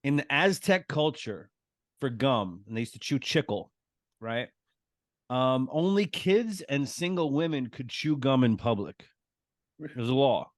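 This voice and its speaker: A man talking through comedy bits in a relaxed chat, mid-pitched and easygoing. He tells his ideas as stories and drops into quick voices. The recording is close and dry, with no room sound. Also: no echo. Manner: storytelling, acts out voices for jokes. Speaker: guest comedian. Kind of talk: casual comedy workshop chat.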